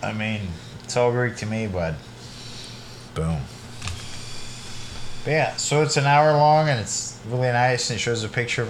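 A man's voice: medium pitch, a bit bright, slight background noise. Laid-back rambling male podcast co-host. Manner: rambling, laid-back, joking, many "like" and "literally" fillers. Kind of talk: casual chat.

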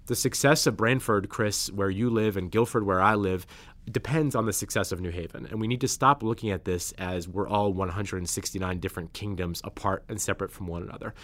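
A man with a fairly low voice talks through policy on a union podcast. He is earnest and orderly and lists his points one by one. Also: fairly quick, a bit bright. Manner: earnest, explains in numbered points. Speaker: state legislator guest.

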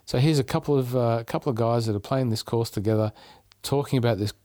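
A man's voice: mid-range voice, fast talker, mellow, no echo, clean studio sound. An Australian man hosting a podcast, chatting casually and telling stories in an upbeat way, often restarting mid-phrase. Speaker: podcast host. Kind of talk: casual travel chat.

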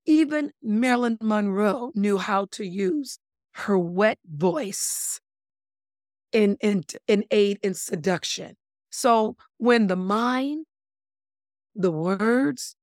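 A woman speaking as a body language expert in a casual interview, talking in an animated, emphatic way with playful wordplay and calling listeners "my lovelies". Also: mid-range voice, no echo, clean studio sound.

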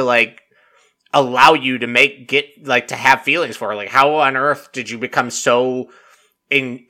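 A man's voice: mid-range voice, bright, forceful tone. A man chatting casually and rambling through a TV recap, packing his talk with fillers and swearing freely. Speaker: reality TV recap vlogger. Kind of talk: casual chat.

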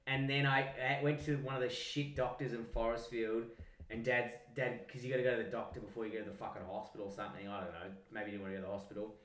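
A man's voice: medium pitch, level tone, fast, a bit bright, distant mic, a little hiss or hum. Sweary Australian man telling a story. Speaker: podcast co-host. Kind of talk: casual chat, storytelling. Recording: roomy sound, mic set back.

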